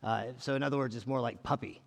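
A man's voice: medium pitch, fast talker, gravelly, in a large hall. A man preaching a conversational sermon, reading scripture and asking his listeners questions in a casual way. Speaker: pastor.

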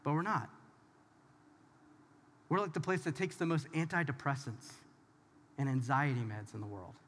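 A man's voice: mid-range voice, moderate pace, fairly bright tone, slight background noise. A man preaching a conversational sermon as pastor, talking straight to the audience in an informal, emphatic way. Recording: long hall reverb.

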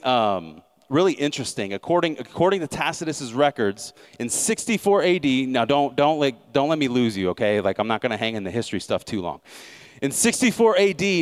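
A male pastor preaching a sermon in a conversational way, with sarcastic asides and frequent self-corrections. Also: mid-range voice.

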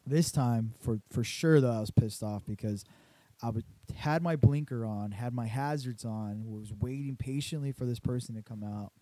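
Young guy, casual storyteller, mellow dark voice, dry close sound, swears freely. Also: mid-range voice, moderate pace, no room sound. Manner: profane storyteller, animated retelling. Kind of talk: casual chat.

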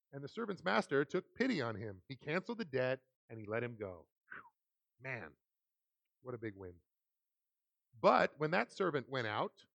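A man's voice: fairly high pitch, creaky, fairly bright tone, no room sound, highs cut off. A man, a pastor, preaching a sermon, telling stories about himself with self-deprecating humor and reading scripture earnestly. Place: church sanctuary.

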